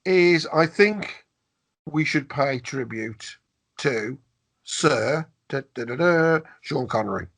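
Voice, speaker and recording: A chatty man with a fairly high voice, trading jokes in easy podcast banter. He often stops and starts again mid-sentence. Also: slow pace, a bit bright. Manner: chatty, jokey, full of restarts. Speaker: podcast co-host. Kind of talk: casual chat.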